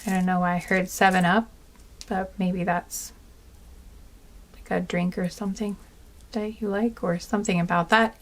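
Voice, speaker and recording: A woman doing a pick-a-card reading, chatting casually and giggling now and then while she is tired with a sore back. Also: mid-range voice. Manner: slow, meandering, giggly, talks to viewers as guys. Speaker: tarot reader.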